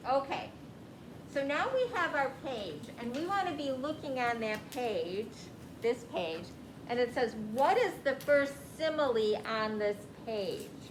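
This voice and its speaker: A woman's voice: high voice, expressive, a little slow, noisy background. A woman teacher leading a classroom reading lesson, guiding students with questions. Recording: echoey room with clear background ambience.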